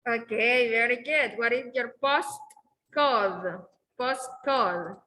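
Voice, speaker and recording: A woman teaching an English class who explains slowly and keeps repeating okay and very good. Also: on the high side, sharp tone, rough recording.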